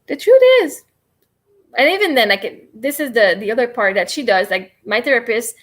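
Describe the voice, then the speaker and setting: Woman, high voice, chatty and rambling, casual livestream host teaching tapping, self-deprecating. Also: animated, a little fast, a bit bright. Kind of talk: casual live demonstration.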